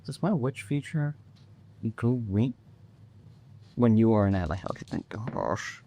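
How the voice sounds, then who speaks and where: A man playing a tabletop game, casually working through the rules out loud. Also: on the low side, animated, a little slow. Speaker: player.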